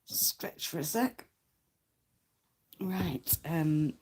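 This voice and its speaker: A woman's voice: low voice, moderate pace, vocal fry, darkish tone. A woman hosting a casual livestream, chatting to viewers in a rambling, self-deprecating way and laughing often. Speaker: livestream host reading cards.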